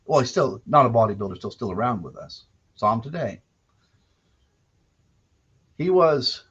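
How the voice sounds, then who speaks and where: A man's voice: mid-range voice, breathy edge. A man doing a folksy radio storyteller. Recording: dull lo-fi recording.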